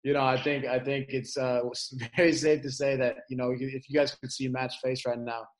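A man's voice: medium pitch, flat delivery, moderate pace. A man hosting a casual sports podcast, loose and profane, full of fillers. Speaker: podcast host.

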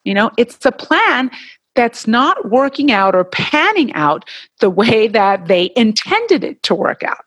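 A woman's voice: a little high, measured pace, no echo. A woman hosting a podcast, talking in a casual, chatty way and sometimes getting heated. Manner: animated, chatty, gets heated and laughs at points. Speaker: podcast co-host. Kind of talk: casual solo podcast talk.

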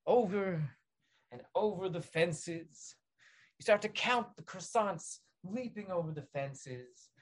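A man talks the listener through a parody guided visualization. His delivery is deadpan and mock-soothing, slowing for the breathing cues. He rambles and trips over his own restarts. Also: high-pitched. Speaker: podcast host.

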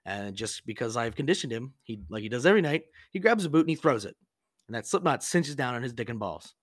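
A man's voice: medium pitch, animated, fast, no echo, clean studio sound. A man casually telling a crude prank story on a podcast, rambling and profane, full of "like" and acted-out quotes.

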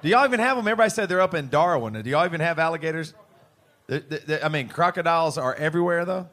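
An American man with a fairly high voice, telling rambling tales at a live pub show. He talks in an animated, laughing way, restarting his sentences as he goes. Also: racing. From United States. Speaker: podcast co-host and band singer. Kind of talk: live podcast storytelling to a pub crowd.

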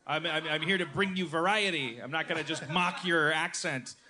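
A man's voice: a little high, moderate pace, crowd noise. A man hosting a live comedy podcast, rambling and self-mocking, often laughing, on a noisy live stage. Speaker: host. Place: live stage in a hut venue.

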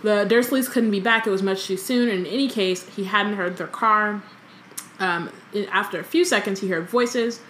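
A young woman co-hosting a casual book podcast reads a novel aloud, then breaks off into chatty, joking commentary full of ums. Her medium-pitched voice is fairly bright at a normal speed, with slight background noise.

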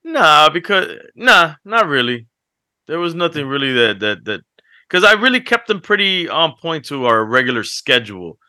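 Bright-voiced animated dad on a podcast. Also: male voice, fairly high pitch, moderate pace, no echo, clean studio sound. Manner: animated, laughs while telling stories. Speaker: podcast co-host. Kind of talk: casual chat, storytelling.

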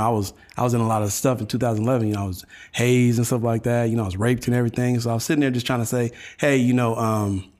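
A man, a guest on a casual podcast, telling a personal story in a lively way, full of restarts. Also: medium pitch. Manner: animated, laughing storytelling with many restarts. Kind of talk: casual chat.

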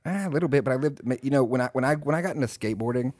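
A man's voice: medium pitch, rapid-fire, a little mellow, no room sound, clean studio sound. A man telling rambling, profane stories as a podcast guest, with many restarts. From Texas. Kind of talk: casual chat.

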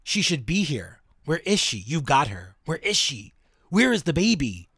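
A man's voice: fairly high pitch, very animated, slow, dry recording, clean studio sound, pitched above the performer's own voice, full character voice. A man reading out the lines of an anguished ghost of a hanged man, who cries out in distress and repeats his questions. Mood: frantic.

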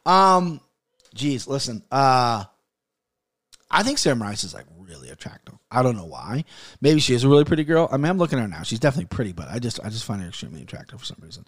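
A man's voice: medium pitch, sing-song, quick pace. A man in his thirties hosting a casual podcast, ranting with plenty of swearing and then giving fight betting picks. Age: 30s. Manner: heated, profane, rambling.

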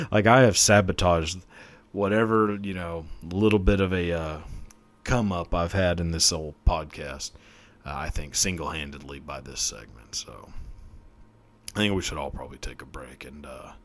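A man's voice: low voice, measured pace, fairly bright tone. A young man hosting his own podcast, talking alone in a rambling, profane, self-mocking way, laughing often. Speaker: podcast host. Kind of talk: casual solo podcast monologue.

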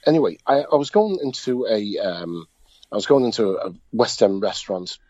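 Man, Scouse accent, low-pitched, blunt chuckling storyteller, dull dry lo-fi recording. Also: lively intonation, normal speed, darkish tone, no echo. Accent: Liverpool Scouse. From Liverpool, England. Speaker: podcast co-host. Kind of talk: casual chat, anecdote telling.

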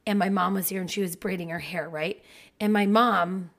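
A woman in her thirties, a mother of four, chatting casually as a podcast co-host and telling lively stories while swearing now and then. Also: fairly low pitch, normal speed. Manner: animated storyteller, swears casually. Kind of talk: casual chat.

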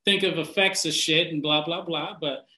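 Swearing with every breath, a man tears into diets and their preachers at normal speed in a casual, profane rant. His voice is bright and fairly high, he laughs often, gets lively when mocking people, and the room echoes around him.

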